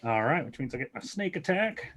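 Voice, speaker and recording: A man's voice: mid-range voice, big pitch swings, a little fast, fairly bright tone, a little hiss or hum. A man playing a tabletop game, playful and chuckling as he takes his turn. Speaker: player.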